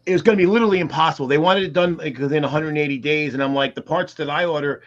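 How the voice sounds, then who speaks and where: A man co-hosts a casual chat, pressing his points emphatically and restarting sentences often. His voice sits a little high. The recording sounds dull and lo-fi. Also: rapid-fire. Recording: dull lo-fi audio.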